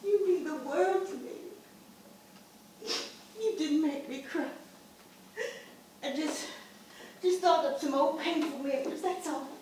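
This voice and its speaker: A woman's voice: sits high, slow, long pauses, warm tone, slight background noise. A woman playing a grieving, loving grandmother, in an amateur stage drama, recorded from far off in an echoey room. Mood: tearful. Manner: folksy, tearful.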